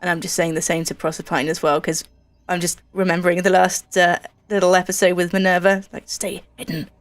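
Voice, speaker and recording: A woman's voice: fairly low pitch, level tone, a little fast, soft background music. A woman playing a tabletop game in an easygoing, chatty way. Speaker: player. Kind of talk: tabletop role-play.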